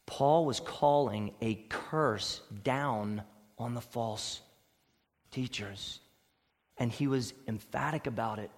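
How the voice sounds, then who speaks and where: A man preaching a sermon as pastor, emphatic, swinging between loud stressed words and quiet low asides. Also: slow, in a large hall. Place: church sanctuary.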